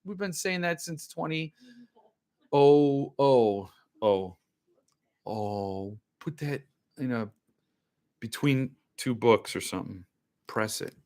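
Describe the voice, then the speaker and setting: A man's voice: mid-range voice, expressive, slow pace, pauses often, a little mellow. A man hosting a podcast, rambling in loose, joking casual chat while he opens and drinks wine. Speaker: podcast host.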